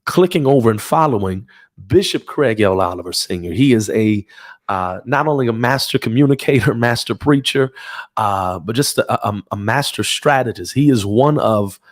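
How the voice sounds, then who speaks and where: A man's voice: lowish voice, expressive, moderate pace. A man preaching from his home office on a livestream, fervent and emphatic, repeating phrases and calling out to his listeners. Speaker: pastor.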